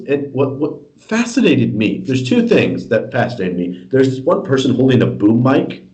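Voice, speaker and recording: A man co-hosting a podcast in casual political chat, animated and mocking, with halting restarts. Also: mid-range voice, dull audio. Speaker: podcast co-host.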